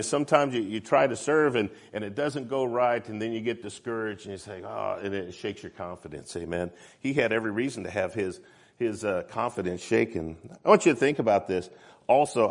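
A man preaching a sermon in a church, often asking "amen?" and climbing to loud, fervent peaks. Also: fairly low pitch.

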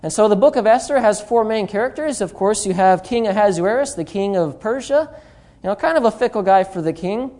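Male preacher, mellow voice, rambling delivery, lots of fillers, humorous asides, evening church service. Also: sits high, lively intonation, fairly quick. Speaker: guest preacher.

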